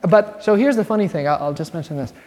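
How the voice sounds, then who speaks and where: Conversational priest in a reverberant church. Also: male voice, high-pitched, fast talker. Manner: conversational, animated storytelling. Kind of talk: informal sermon and Bible study. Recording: long hall reverb.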